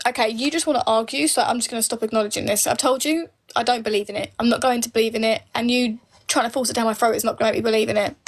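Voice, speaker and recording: Talking very fast with fairly even intonation, this late-twenties streamer responds to viewers' comments in a live Q&A. Her voice is on the high side, and she's outspoken and profane.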